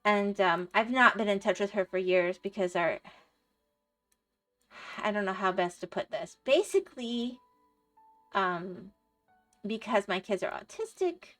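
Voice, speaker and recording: A woman's voice: mid-range voice, expressive, measured pace, pauses often, fairly bright tone, faint music behind. A middle-aged woman livestreaming, chatting casually and rambling through stories, laughing often and answering her chat. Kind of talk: casual chat while gaming.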